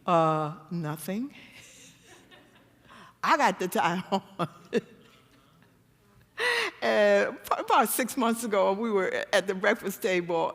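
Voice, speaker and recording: A woman giving a church seminar talk, telling stories animatedly and jumping to a high voice when she acts out quotes. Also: long reverb tail. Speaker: guest speaker. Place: church hall.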